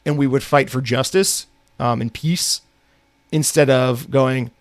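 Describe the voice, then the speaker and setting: A man's voice: mid-range voice, steady tone, unhurried, dry recording, studio quality. A man hosting a solo podcast, from the United States, ranting angrily with heavy profanity. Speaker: podcast host.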